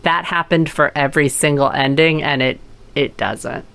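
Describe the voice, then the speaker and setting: A woman in casual group chat, animated, laughing often and filling with "like". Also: low-pitched, moderate pace, gravelly, loud music behind the voice.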